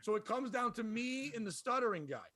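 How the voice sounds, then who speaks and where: A man telling a comedy club story in casual chat, animated and profane, laughing as he goes. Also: very high voice, fairly quick. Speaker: podcast host and comedian.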